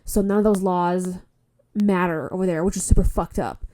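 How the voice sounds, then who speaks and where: Podcast host: a worn-out woman from Canada with a blocked nose, mellow tone, blunt and profane, chatting solo into a phone. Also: lowish voice, fairly even intonation, moderate pace. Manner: rambling, frank, swears often. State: stuffy nose; tired. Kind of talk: casual solo podcast chat. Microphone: phone mic.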